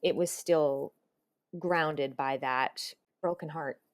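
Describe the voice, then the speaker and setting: A woman's voice: deep voice, fairly even intonation, slow pace. A woman speaking as a voice actor guest in an interview, reflective and given to laughing. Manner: warm, reflective, laughs often. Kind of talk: conversational interview.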